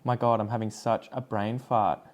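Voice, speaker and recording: A man's voice: on the low side, little pitch movement, moderate pace. A young Australian man with an Australian accent, chatting casually and rambling while he repots plants, swearing now and then. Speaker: plant vlogger. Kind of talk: casual chatty commentary while doing chores.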